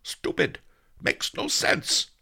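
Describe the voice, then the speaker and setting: A man voicing an irritable old male sage who mutters in a high, strained, cracking voice, in an audiobook. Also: huge pitch swings, extremely slow, gravelly, sharp tone, full character voice. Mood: grumbling. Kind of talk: audiobook character voice.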